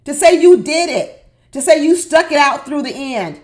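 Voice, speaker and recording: Woman, high voice, sassy exasperated recap host who repeats herself for emphasis. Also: animated, normal speed, darkish tone. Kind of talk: opinionated reality TV commentary.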